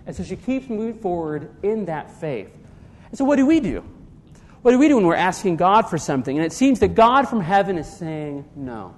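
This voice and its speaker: A man's voice: high-pitched, sing-song, normal speed, a little mellow, in a large hall. A man preaching a sermon as pastor, earnest, often restarting his sentences and asking rhetorical questions.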